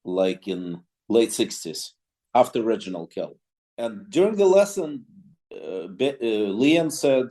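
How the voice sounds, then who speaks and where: A man's voice: fairly low pitch, lively intonation, slow pace, mellow. A man, a clarinetist, telling an anecdote in an interview, with frequent restarts and quoted dialogue. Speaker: clarinetist guest. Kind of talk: storytelling in an interview.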